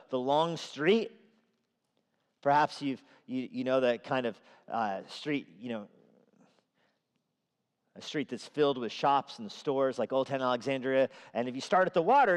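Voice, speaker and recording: A man's voice: fairly high pitch, in a large hall. A man preaching a sermon in a conversational way, sometimes acting out the voices he quotes. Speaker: pastor. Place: church sanctuary.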